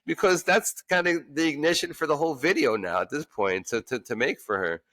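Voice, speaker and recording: A man, a restaurant chef-owner, telling lively stories in an interview and acting out what people said. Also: medium pitch, normal speed, hardly any pauses, dry recording. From Queens, New York. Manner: animated storyteller who acts out quoted voices. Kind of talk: casual storytelling interview.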